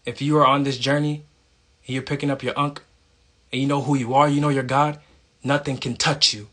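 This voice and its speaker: A man's voice: mid-range voice, little pitch movement, a little fast, sharp tone. A man giving a casual, preachy monologue, emphatic and profane, punctuating points with "okay?". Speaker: self-styled spiritual speaker.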